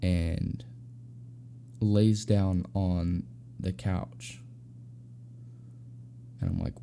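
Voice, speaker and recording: A young man rambles through a personal story in slangy, filler-heavy talk. His voice is very dark and mellow, sitting low with a gravelly edge. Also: steady tone, extremely slow, pauses often, a little hiss or hum. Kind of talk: casual spoken anecdote.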